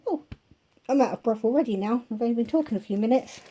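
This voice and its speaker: A woman's voice: fairly high pitch, quick pace, noisy background. A woman vlogging a grocery haul from her kitchen at home, talking casually and rambling into chatty asides.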